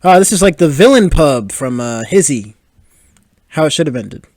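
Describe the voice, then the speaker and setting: Very animated, with a fairly high, darkish voice at normal speed, a podcast host in his twenties riffs on films with plenty of laughter and filler. The studio sound is clean with no echo.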